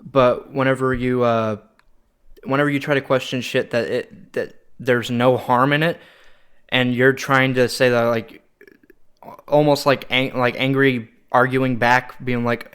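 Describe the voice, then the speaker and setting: A young American man co-hosting a podcast, ranting in casual chat with heavy swearing and sudden animated outbursts. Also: medium pitch, moderate pace, smooth. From United States. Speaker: podcast co-host.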